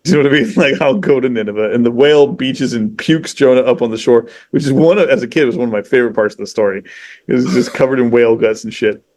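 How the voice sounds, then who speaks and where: A man with an ordinary mid-range voice talks in relaxed podcast conversation. He retells a story with lively energy and casual swearing, leaning on fillers like "you know" and "like." He slips into the voices of the people in the story as he goes. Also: medium pitch, quick pace, no echo. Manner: animated, profane, acts out quoted characters. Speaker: podcast guest.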